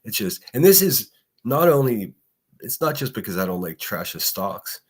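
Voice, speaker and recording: A man's voice: lowish voice, very animated, moderate pace, husky. A man hosting a casual morning livestream, ranting bluntly with lots of swearing, breaking into laughs and reading chat. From Pittsburgh area. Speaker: livestream host.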